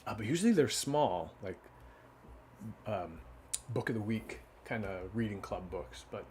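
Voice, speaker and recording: A man reading picture books aloud in a casual way, adding relaxed asides between the stories. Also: on the low side, unhurried, a little hiss or hum. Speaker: children's book reader.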